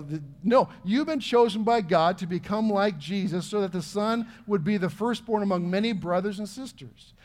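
A man's voice: high voice, animated, normal speed, hardly any pauses. A middle-aged man, preaching a sermon in an earnest, conversational way full of questions to the congregation. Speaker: pastor.

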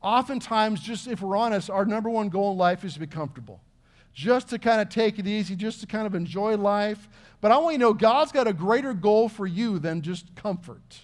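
A middle-aged man preaches with a notably high-pitched voice. His sermon is earnest and conversational, full of questions put to the congregation. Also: animated, brisk. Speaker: pastor.

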